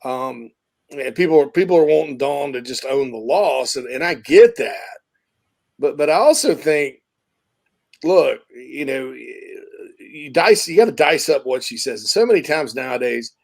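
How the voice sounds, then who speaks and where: Male sports host, gravelly voice, rambling, restarts often. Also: mid-range voice, a little mellow. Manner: rambling, self-correcting, thoughtful. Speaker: sports talk show host. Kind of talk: casual sports talk.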